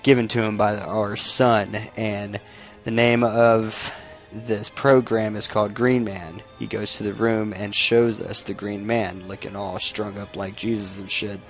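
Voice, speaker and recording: A man's voice: fairly low pitch, little pitch movement, a little slow, faint music behind. A man casually retelling a comic book's plot, swearing freely and restarting his sentences. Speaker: comic book recap YouTuber. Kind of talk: casual spoken comic recap.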